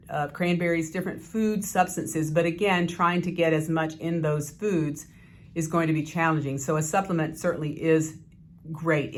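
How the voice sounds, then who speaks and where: A woman physician giving an educational health talk in a measured, explanatory way, with occasional fillers. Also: low-pitched.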